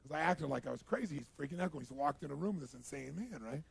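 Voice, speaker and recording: Male motivational speaker, gravelly and husky, with animated storytelling. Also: fairly high pitch, fast talker. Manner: animated, acts out dialogue, asks the audience for agreement. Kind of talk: seminar storytelling to a live audience.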